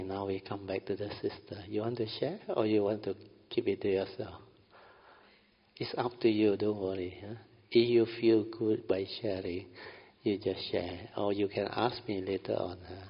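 Man, low and gravelly, talking through meditation in a reverberant hall, chuckles a lot. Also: level tone, moderate pace. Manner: keeps asking "understand?", chuckles often. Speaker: meditation teacher. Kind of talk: informal dharma talk. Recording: dull audio in a long-reverb hall.

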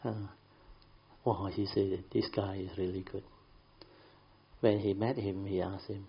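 A man's voice: low voice, level tone, normal speed, gravelly, pauses often, breathy edge, muffled recording. A man telling a rambling story to a group, with many fillers and colloquial grammar. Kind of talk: casual storytelling.

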